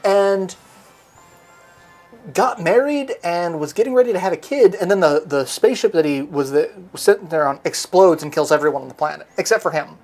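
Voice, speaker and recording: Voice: medium pitch, lively intonation, fairly quick, darkish tone, faint music behind. A livestream host in casual chat, retelling comic book plots in a loose, rambling way with plenty of swearing. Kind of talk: casual chat while streaming a game.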